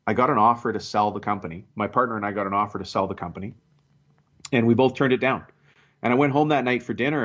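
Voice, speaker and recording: A man in his forties speaks as a podcast guest and tells his story in a loose, chatty way with small restarts. His voice sits a bit low. The sound is muffled and lo-fi. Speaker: guest business coach. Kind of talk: podcast interview. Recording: dull lo-fi sound.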